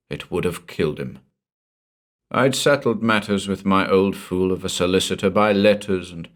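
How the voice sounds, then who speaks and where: A man with a deep, low-pitched voice reads a horror tale aloud. His storytelling is measured and unhurried, with dramatic pauses between phrases. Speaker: narrator. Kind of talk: scripted horror audiobook narration.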